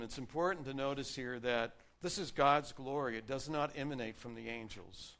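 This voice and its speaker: A man preaching a sermon, earnestly reading and explaining scripture, varying his loudness for emphasis. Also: mid-range voice, normal speed, hardly any pauses.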